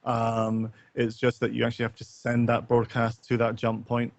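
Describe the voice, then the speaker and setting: A man co-hosting a podcast after-show, chatting casually at a medium pitch. He rambles and thinks aloud, full of ums and restarts, on a dull, lo-fi recording. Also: monotone, moderate pace, creaky. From Northern Ireland. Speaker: podcast co-host. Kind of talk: casual chat. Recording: dull lo-fi sound.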